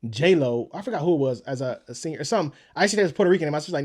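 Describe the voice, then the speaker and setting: A man hosting a reaction channel, talking in a rambling, animated way and saying "like" a lot. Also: fairly high pitch, racing, hardly any pauses. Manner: animated, rambling, heavy use of "like". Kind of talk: casual chat.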